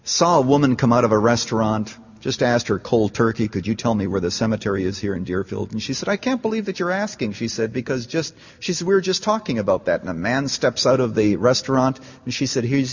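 A man's voice: fairly low pitch, lively intonation, brisk, vocal fry, few pauses, breathy edge. A man preaching a sermon, telling a story and rising to fervent appeals. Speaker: pastor. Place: large church. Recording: dull, echoey church hall.

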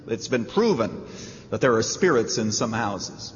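A man preaching a sermon in a church, emphatic, with dramatic pauses. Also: fairly low pitch, sing-song. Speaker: pastor. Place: church sanctuary. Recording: reverberant church hall, dull lo-fi sound.

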